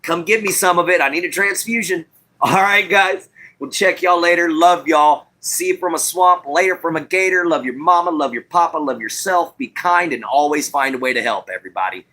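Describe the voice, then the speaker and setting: A man's voice: a little high, normal speed, sharp tone. A man with a Southeast Texas country twang hosting a casual live-stream chat, talking in a folksy, rambling way.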